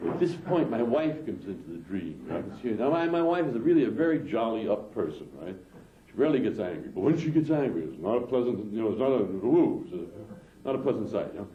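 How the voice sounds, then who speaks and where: A man's voice: on the low side, very animated, quick pace. A man doing stand-up, telling a long story loosely with lots of asides. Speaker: comedian. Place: small theatre stage. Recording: dull, echoey small theatre.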